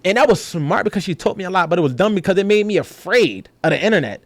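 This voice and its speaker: A man with a Philadelphia accent, a podcast guest in casual conversation, talking in an animated, profane street style and acting out quoted voices. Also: high voice, fast, no echo.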